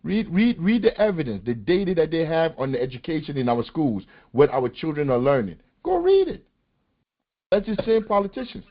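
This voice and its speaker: A man's voice: fairly high pitch, very animated, a little fast, few pauses. A man hosting a political podcast, talking in an impassioned, emphatic and street-casual way. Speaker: podcast host. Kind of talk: passionate political talk. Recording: muffled lo-fi call audio.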